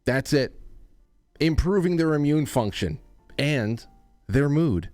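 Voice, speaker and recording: A man hosting a call-in show, talking casually and rambling with many halting restarts. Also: fairly high pitch, lively intonation, darkish tone, no echo, soft background music. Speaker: host. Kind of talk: casual chat.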